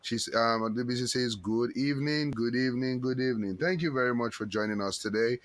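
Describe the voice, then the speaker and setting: A man's voice: medium pitch, fairly quick. A man hosting a live-stream chat show, reading out viewer comments and greeting them in a chatty, repetitive way. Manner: chatty, reads out viewer comments, repeats himself. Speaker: talk show host.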